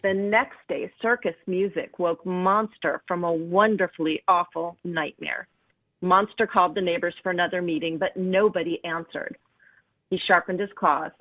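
A woman who writes children's books, reading her story aloud and giving gentle, encouraging advice as a guest. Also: lowish voice, steady tone, moderate pace, no echo. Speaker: children's book author, guest. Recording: tinny phone-like line, dry.

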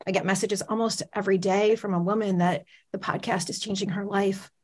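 A woman's voice: medium pitch, steady tone, fairly quick. A woman in her forties, a motivational speaker, telling a personal story on stage with dramatic pacing and questions to the audience.

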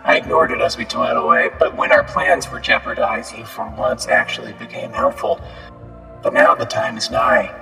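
A man's voice: normal speed, over music, natural voice. A man voicing a cold, scheming ancient male voice that speaks from a machine, with an unfeeling, menacing, contemptuous delivery in a tabletop game. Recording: echoey, reverberant, distant.

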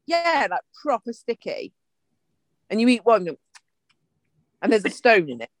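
A woman co-hosting a podcast in casual chat, expressive and full of joking complaints, swearing freely. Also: on the high side, measured pace, no room sound. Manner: expressive, swears freely, jokey exaggerated fear. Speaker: podcast co-host.

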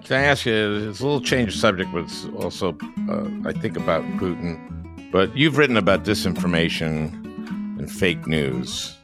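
A man hosting an interview, asking questions in a folksy, halting way with plenty of 'uh'. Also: deep voice, lively intonation, over music. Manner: hesitant, folksy, many 'uh' pauses. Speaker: podcast host.

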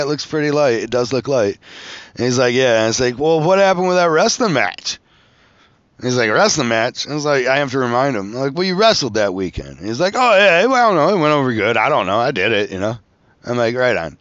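Profane, low-voiced man telling stories. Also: dry recording, dull audio. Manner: profane, animated, laughs while telling stories. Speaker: podcast host, tattoo artist. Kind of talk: casual storytelling.

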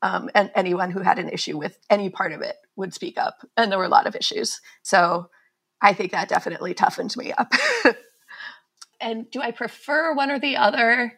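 A woman's voice: mid-range voice, brisk, vocal fry, fairly bright tone, slightly rough. A woman author being interviewed, talking candidly and chattily and laughing at herself. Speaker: author guest. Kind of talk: casual conversational interview.

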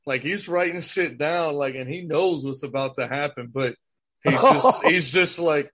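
A man's voice: on the high side, measured pace, fairly bright tone. Enthusiastic man quoting movie scenes. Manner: enthusiastic, quotes scenes in voices. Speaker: podcast co-host. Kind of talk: casual movie-review chat.

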